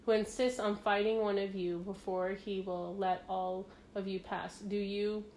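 A woman's voice: medium pitch, level tone, a little slow, a little mellow, slight background noise. Giggly young woman reading quiz questions. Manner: giggly, reads questions aloud with playful asides. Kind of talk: casual chat.

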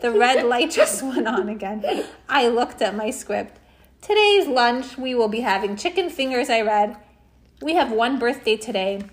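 Woman, reading aloud, expressive storytelling, home recording, fairly high voice. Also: normal speed. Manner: voices dialogue with big pitch jumps, laughs while reading. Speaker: adult reading a chapter book aloud.

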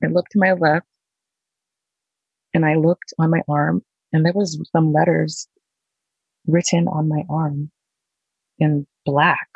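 A woman, a nurse, slowly telling her own story in a halting, reflective way. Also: low-pitched, little pitch movement, gravelly, husky, no room sound, lo-fi sound. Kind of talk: personal storytelling.

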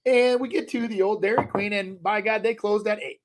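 A man's voice: high voice, fairly even intonation, brisk. A middle-aged man co-hosting a casual podcast, telling long rambling stories full of restarts. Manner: rambling storyteller, many restarts. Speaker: podcast co-host. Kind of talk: casual chat.

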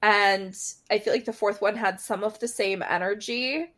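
A woman's voice: mid-range voice, steady tone, moderate pace, a bit bright. Hesitant woman in casual podcast chat. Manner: hesitant, many fillers, laughs. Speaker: podcast co-host.

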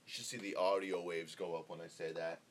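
A man's voice: low voice, level tone, a little fast, heavy background noise. A young man from Northern California hosting his own podcast in a rambling, profane, laid-back solo monologue full of fillers, speaking close into the mic. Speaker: podcast host. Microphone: close podcast microphone.

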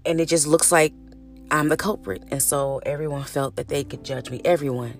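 A woman's voice: sits low, fairly even intonation, brisk, darkish tone, faint music behind. A middle-aged woman hosting her own podcast, talking frankly in a casual, chatty way, cussing freely and calling her listeners honey and baby. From California. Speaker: podcast host. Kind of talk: casual solo podcast monologue.

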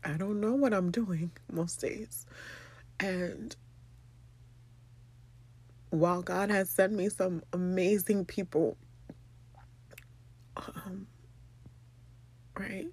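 A young woman, from the Bronx, hosting a personal podcast monologue, tearful and halting, with many pauses and ums. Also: medium pitch, steady tone, darkish tone, breathy edge. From the Bronx, New York. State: tearful, crying. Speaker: podcast host.

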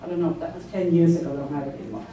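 A woman shares a personal story with an audience in a loose, conversational way and keeps checking in with her listeners. Her voice is dark and mellow. She is picked up by a distant mic in a very echoey room with a faint hum of noise. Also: low voice, very fast.

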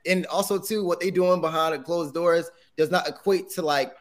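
A man's voice: a little high, steady tone, moderate pace. A man co-hosting a podcast in casual chat, speaking in an affirming way to listeners. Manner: affirming, calls listeners "baby". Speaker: podcast co-host.

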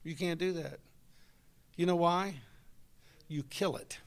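A man's voice: on the high side, takes it slowly. A middle-aged man, preaching a folksy, conversational sermon and talking with his congregation.

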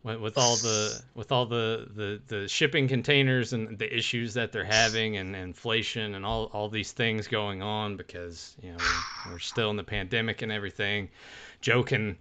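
Bright-voiced man hosting a jokey podcast. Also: fairly low pitch, steady tone, normal speed, clear, resonant tone. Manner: joking, stumbling repeats of words. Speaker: podcast host. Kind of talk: casual chat.

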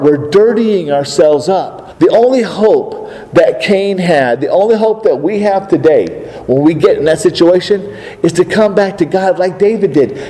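A man's voice: high-pitched, warm tone, long reverb tail, poor audio. A man preaching a sermon, asking the congregation rhetorical questions and acting out the voices of biblical figures.

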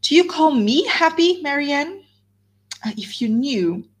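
A woman's voice: sits high, unhurried, pitched above the performer's own voice. A woman reading as an earnest, solemn young woman. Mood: urging. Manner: earnest, urging, steady. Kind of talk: reading a novel aloud.

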